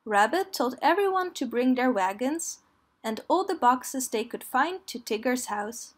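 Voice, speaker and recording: A woman reading a children's story aloud in a gentle, clear read-aloud manner. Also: high voice, animated, measured pace.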